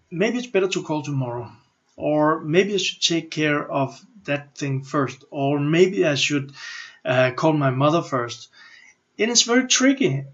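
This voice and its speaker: A middle-aged man with a Danish accent gives a motivational coaching lesson. He talks in an animated way, acts out inner thoughts and often restarts his sentences. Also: on the high side. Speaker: business and personal development coach. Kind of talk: motivational teaching talk. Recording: slightly muffled lo-fi audio.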